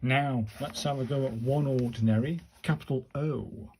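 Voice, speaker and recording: A man slowly talking his viewers through handwriting practice, muttering each stroke as he writes. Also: mid-range voice, steady tone, a little mellow, slight background noise. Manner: slow, muttering step-by-step to himself and viewers. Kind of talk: casual narrated handwriting practice.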